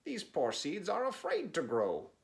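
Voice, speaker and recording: A man voicing Frog, a cheerful male frog friend in a children's storybook, with a high excited voice. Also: measured pace, creaky, exaggerated voice. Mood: coaxing.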